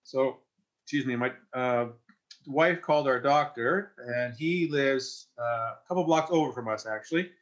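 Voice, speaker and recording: A Canadian man in his forties, a firefighter, telling an emotional personal story in an interview in a halting way, with many restarts. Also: medium pitch, highs cut off. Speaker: firefighter and investor.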